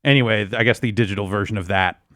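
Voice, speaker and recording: A man with a lowish voice talks casually on a podcast, blunt and wry with plenty of swearing. He sounds close to the mic in a dry, dead room. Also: racing, a bit bright, no room sound. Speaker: podcast co-host.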